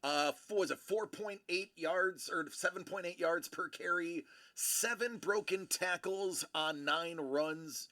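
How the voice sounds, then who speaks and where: Guy hosting a stream, slow rambly talk, gravelly and bright. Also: sits high. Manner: rambling and playful, answers chat by name. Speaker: livestream host. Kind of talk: casual livestream chat.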